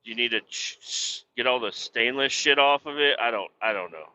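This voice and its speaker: A man's voice: medium pitch, normal speed, bright, forceful tone, low-quality recording. A middle-aged man hosting a podcast, rambling casually, swearing a lot and laughing at himself. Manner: profane, self-deprecating, laughs often. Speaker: podcast host.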